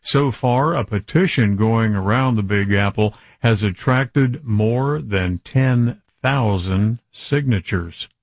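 A man reading a radio news item in a measured newscaster style. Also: lowish voice, dry recording. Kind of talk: news read.

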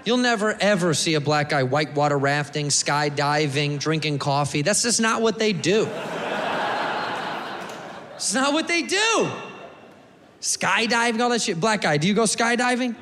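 A young American man doing a crude, animated stand-up set on a club stage, swearing freely. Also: high-pitched, normal speed. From United States. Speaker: stand-up comedian. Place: comedy club stage with a live audience. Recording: live club recording, long reverb, audience and room noise.

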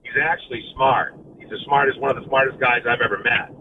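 A man's voice: mid-range voice, fast. A man from Maine calls in to a talk show and speaks bluntly and matter-of-factly. His mid-range voice comes through a tinny phone line. Faint background noise sits under it. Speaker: caller.

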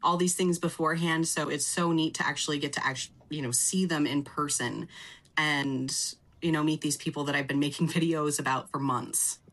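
A woman's voice: low-pitched, fairly even intonation, normal speed, fairly bright tone. A woman guest on a radio interview who chats about her social media work and favorite books, rambling a little. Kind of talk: casual radio interview chat.

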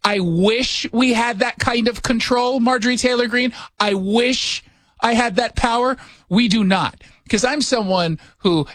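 A middle-aged man with a high, slightly bright voice hosts a radio talk show from his studio, offering casual political commentary laced with sarcastic jokes and rhetorical questions; his studio mic captures a dry sound.

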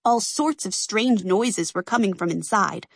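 A woman narrating a children's storybook aloud in an expressive, animated way. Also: mid-range voice, unhurried, creaky, breathy edge, no room sound, studio quality.

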